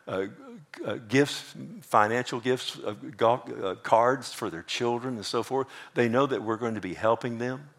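A man's voice: medium pitch, a bit bright. Earnest preaching man. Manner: earnest preaching, acts out quoted lines, asks the congregation questions. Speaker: pastor. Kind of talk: sermon.

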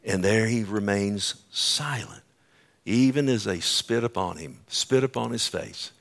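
Male preacher, lowish voice, dramatic sermon delivery that swings loud and hushed. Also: gravelly. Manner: dramatic, swings between loud emphasis and hushed slow lines; asks the congregation for responses.

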